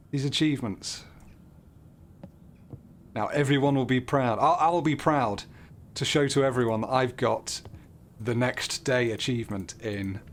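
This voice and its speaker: A man talking through a horror game as he plays, joking, jumpy and swearing when something startles him. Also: medium pitch. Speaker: gaming channel host. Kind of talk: horror game let's play commentary.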